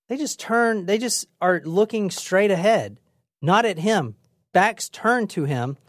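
A young adult woman hosting a casual true crime podcast, telling the story in a lively, chatty way with swearing and acted-out quotes. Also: medium pitch, measured pace, dry recording, studio quality. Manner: lively, swearing, laughs often, acts out quotes. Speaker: podcast host.

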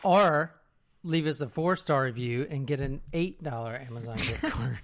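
A man telling the story on a casual podcast, joking and teasing his co-hosts. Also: medium pitch. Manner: joking, teasing, quick to protest. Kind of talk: casual chat.

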